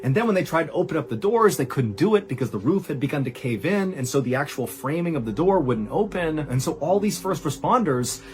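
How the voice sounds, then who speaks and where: Guy narrating a creepy true story, chatty, voice swings way up and down, kinda high. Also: fairly quick, hardly any pauses. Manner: animated, rises high for quoted cries; drops low and quiet at grim moments. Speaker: storyteller host.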